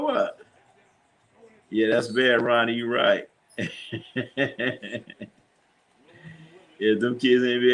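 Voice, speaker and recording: A man hosting a casual live sports stream, telling animated stories in a slangy way and swearing freely. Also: mid-range voice. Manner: animated storytelling, acts out his own lines.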